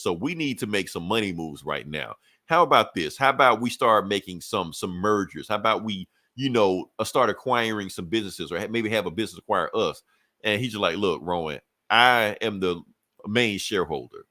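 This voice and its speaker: Low-voiced man recapping comics, profane. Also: animated, bright, forceful tone, no room sound. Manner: profane, rambling retelling with quick voiced asides. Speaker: podcast co-host recapping a comic. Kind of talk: casual comic book recap chat.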